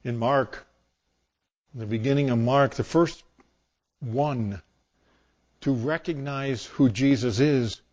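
A man's voice: mid-range voice, slow, long pauses, a little mellow. A man preaching a sermon in a storytelling way, acting out scenes with different voices.

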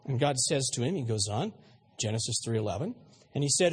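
A man's voice: mid-range voice, lively intonation, a little fast, breathy edge. A male pastor preaching a sermon, emphatic and questioning his audience, with frequent repeated words.

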